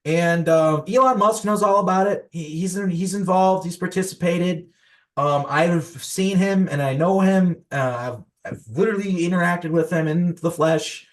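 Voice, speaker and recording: A man's voice: high-pitched, normal speed. A young man from the United States, a podcast guest, telling conspiracy stories in a rambling way, full of fillers and restarts. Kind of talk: casual conspiracy storytelling.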